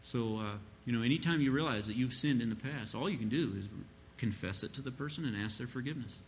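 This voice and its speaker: A man's voice: medium pitch, fast, slight background noise. A man giving an informal church talk on parenting, rambling with fillers and acting out quoted parents. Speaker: church speaker answering a question. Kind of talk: informal sermon-style teaching.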